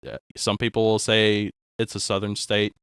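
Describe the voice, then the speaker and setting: Brief: low-voiced American man, relaxed streamer talk, smooth, dry close mic. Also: normal speed, no echo. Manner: low-key, trailing off into quiet asides. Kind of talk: casual chat.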